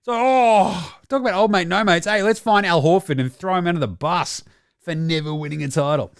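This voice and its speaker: A man's voice: sits high, a little fast, clean tone, no echo, studio quality. A man giving casual, profane sports commentary as a podcast host, sarcastic and acting out mock quotes. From Australia. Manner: sarcastic, swears freely, acts out mock quotes.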